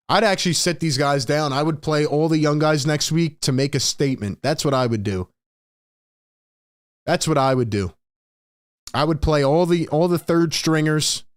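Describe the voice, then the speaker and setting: A man's voice: fairly high pitch, no echo. Ranting man on a dry mic. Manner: frustrated ranting, reading out chat comments. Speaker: sports podcast host. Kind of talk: live postgame fan commentary.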